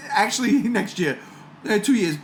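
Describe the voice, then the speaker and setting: Excitable man, high lively voice, casual fan chat, faint background hiss. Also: moderate pace. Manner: excitable, laughing, animated. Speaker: podcast host.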